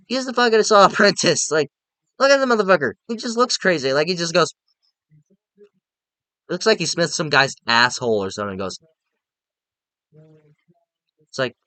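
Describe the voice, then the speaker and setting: Bright, profane young man reviewing films. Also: medium pitch, no echo. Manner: blunt, profane, animated rants with many fillers. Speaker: movie reviewer. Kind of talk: casual spoken film review.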